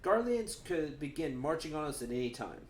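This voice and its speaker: A man reads aloud as a brisk military officer, formal and clipped in his game dialogue. The voice sits a touch high for a man and moves through a lively range. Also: roomy sound.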